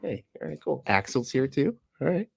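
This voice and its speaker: A man's voice: medium pitch, big pitch swings, normal speed, creaky, darkish tone, husky, no echo, studio quality. A man hosting a casual reaction livestream, laughing often, greeting chat viewers and making sarcastic remarks. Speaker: livestream host reacting to a video.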